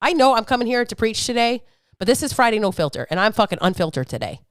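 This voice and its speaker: A woman's voice: a little high, sing-song, fast, no echo, studio quality. Blunt, profane woman podcaster. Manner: blunt, profane, fired-up, preachy. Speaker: fitness coach and podcast host. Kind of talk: unfiltered podcast rant.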